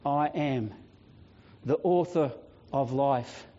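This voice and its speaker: A man voicing a risen divine saviour who defiantly answers Death in a dramatic sermon monologue, proclaiming slowly and solemnly. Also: mid-range voice. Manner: slow, solemn proclaiming with long pauses, growing quieter and weightier. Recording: dull lo-fi sound.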